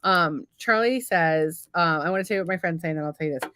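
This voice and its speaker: A woman's voice: on the low side, fairly quick, fairly bright tone, slight background noise. A woman co-hosting a podcast with her husband, bantering brashly and teasing him, often breaking into laughter. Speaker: podcast co-host. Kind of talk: casual married-couple banter.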